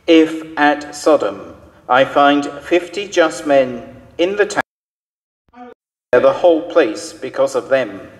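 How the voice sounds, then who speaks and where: A man reading the part of God, giving firm, measured replies in a church. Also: mid-range voice, lively intonation. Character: God answering with calm, firm mercy. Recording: reverberant church hall.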